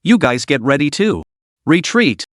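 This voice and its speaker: A man's voice: on the high side, sing-song, unhurried, fairly bright tone, dry recording, studio quality. A man voicing a ruthless young male underworld boss who questions people in a curt, menacing way. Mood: cold, menacing.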